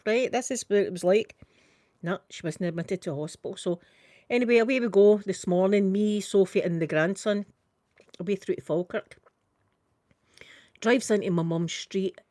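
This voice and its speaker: A woman's voice: medium pitch, a little mellow, dry recording, studio quality. A middle-aged woman with a Scottish accent telling a long story to her live stream in a chatty, tumbling way, full of local idiom. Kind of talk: casual storytelling chat.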